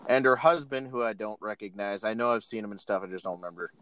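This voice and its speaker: A man's voice: fairly low pitch, fast talker, a bit bright. A man hosting a casual podcast chat, retelling a film's scenes with frequent laughter. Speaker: podcast host. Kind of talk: casual chat, recapping a film.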